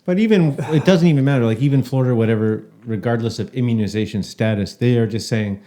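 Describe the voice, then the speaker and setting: A man argues the contrary side in casual podcast chat. He often trails off before finishing a thought. His voice sits at an ordinary middle pitch. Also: fast talker, dark tone. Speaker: podcast co-host.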